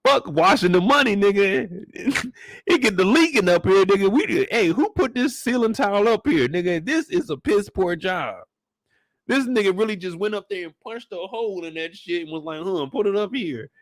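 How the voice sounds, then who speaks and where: Animated man recapping a show. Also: sits high, normal speed, no room sound. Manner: animated, acts out characters, profane. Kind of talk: comedic episode breakdown.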